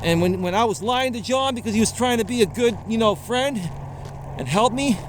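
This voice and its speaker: A man working as a life coach tells a story in a casual vlog while walking a trail at night, speaking in an animated, chatty way and often adding "right?", recorded on a phone with a small shotgun mic. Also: extremely high pitch, a little fast. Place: outdoors on a trail at night near a freeway. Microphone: phone on a selfie stick with a mini shotgun mic. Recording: outdoor traffic noise behind.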